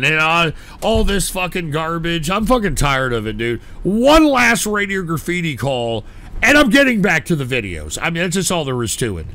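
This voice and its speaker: Animated, bright-voiced ranting male host. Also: a little high, moderate pace. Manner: profane, shouting, exasperated. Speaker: call-in show host. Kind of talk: comedic call-in rant.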